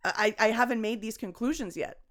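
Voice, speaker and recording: A young adult woman, a comedian, talking casually on a podcast in a rambling, expressive way, swearing and laughing often. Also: fairly high pitch, fairly quick. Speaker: guest comedian.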